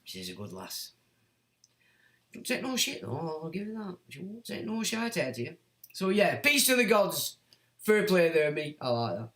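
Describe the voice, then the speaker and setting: A man's voice: fairly high pitch, sing-song, moderate pace, fairly bright tone, reverberant. A man hosting a livestream, reading chat comments and ranting in a blunt, sweary, sardonic way. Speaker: livestream host.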